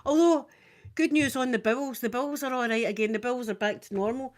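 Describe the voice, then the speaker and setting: A Scottish woman in her fifties, chatting casually with viewers on a live stream, rambling and swinging up and down in pitch. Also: brisk. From Scotland. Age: 50s.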